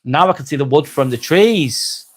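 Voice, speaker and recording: A man's voice: fairly high pitch, lively intonation, moderate pace. A young English man hosting a casual livestream, chatting and reading out viewers' comments with frequent fillers and repeated phrases. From England. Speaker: livestream host.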